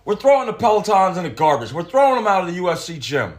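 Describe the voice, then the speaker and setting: A man putting on the voice of a blunt, furious middle-aged fight promoter who shouts and curses in indignation. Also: high voice, sing-song, fast talker, voice pushed up. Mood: defiant.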